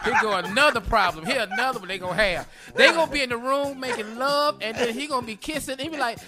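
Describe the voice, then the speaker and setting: A man's voice: very high voice, quick pace, few pauses. A man co-hosting a radio show, telling comic stories and acting out dialogue. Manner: animated joking storyteller, acts out dialogue. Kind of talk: comedic radio banter. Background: music bed.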